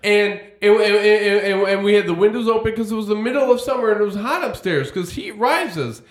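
Casting: a slightly high-voiced male co-host who rambles and stumbles, recorded in a roomy space. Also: lively intonation, a little fast. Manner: rambling, repeats words when telling a story. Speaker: podcast co-host. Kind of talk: casual chat.

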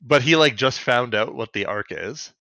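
A man's voice: medium pitch, lively intonation, normal speed, bright, forceful tone, no echo, lo-fi sound. A man co-hosting a podcast, recapping a cartoon in chatty casual talk full of fillers. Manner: chatty, filler-heavy, laughs often. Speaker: podcast co-host.

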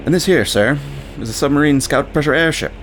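A man's voice: fairly high pitch, fairly quick, a bit bright, a little hiss or hum, voice pushed up, close to an everyday voice. A man voicing an eager young naval midshipman in a comic dramatized scene. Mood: earnest.

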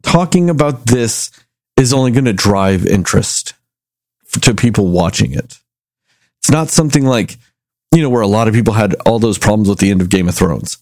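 A man casually reviewing a movie, rambling and animated as he retells scenes. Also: on the low side, normal speed, dry recording. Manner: rambling, animated storytelling with acted quotes. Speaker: movie review podcast host.

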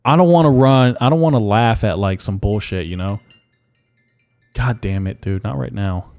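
Here a young male podcast host delivers a casual rant by himself, cursing a lot, putting things bluntly and going over the same points again and again. The voice is lowish and darkish in tone, at a normal pace.

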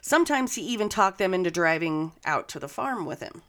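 A woman's voice: on the low side, animated, a little fast, fairly bright tone. A woman co-hosting a podcast, telling a true-crime story in a casual, profane, joking way. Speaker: podcast co-host.

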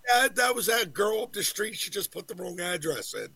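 A man's voice: high voice, big pitch swings, a little fast, gravelly, sharp tone, slightly rough, no room sound. A middle-aged man co-hosting a talk show, swearing freely and telling crude stories full of quoted dialogue. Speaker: co-host. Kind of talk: casual profane banter.

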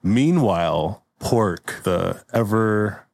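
A man's voice: on the low side, expressive, extremely slow, vocal fry, a little mellow, no echo. A man hosting an improv comedy podcast, giggly and stammering as he narrates. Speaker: host and story narrator.

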